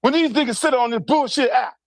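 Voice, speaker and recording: List: man, raspy fry in the voice, close dry recording, angry ranting, cussing, repeated questions. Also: very high voice, brisk, no room sound. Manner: fiery, profane, repeats rhetorical questions. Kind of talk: heated political rant.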